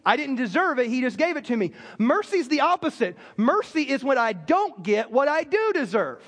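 A man's voice: very high voice, very animated, moderate pace, a bit bright. A man preaching a sermon as pastor, telling stories with joking asides. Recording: long reverb of a large hall.

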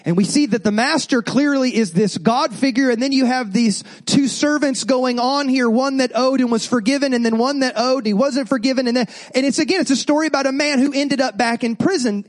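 Male pastor, high-pitched, lively storytelling sermon with congregation call-outs. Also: a little fast, hardly any pauses. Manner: animated storytelling with asides to the congregation.

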